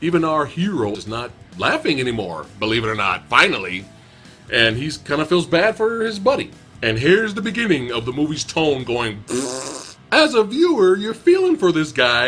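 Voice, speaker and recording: A man's voice: on the high side, big pitch swings, moderate pace, pushed and bright, faint music behind. A young man giving a casual, profane, sarcastic movie review.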